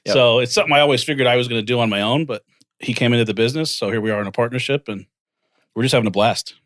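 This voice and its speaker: A man in his forties, co-founder of a financial firm, tells his career story as a guest in a casual interview. He talks very fast at a medium pitch, animated and acting out other people's lines in quotes. The recording is dry and studio-clean.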